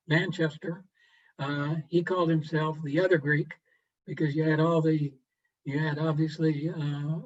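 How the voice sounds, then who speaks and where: A man giving a relaxed storytelling lecture to a garden club, unhurried, with frequent pauses and throat clearing. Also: a little high, dull audio. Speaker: guest presenter to a garden club. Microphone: video call microphone.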